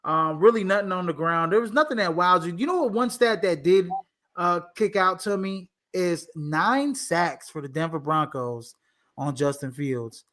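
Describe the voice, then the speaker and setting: A man with a high voice talks sports in a loose, rambling way. He leans on fillers and restarts, laughs easily, and sounds relaxed. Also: normal speed. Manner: laid-back, lots of fillers and restarts, laughs often. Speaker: podcast co-host. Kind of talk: casual sports talk.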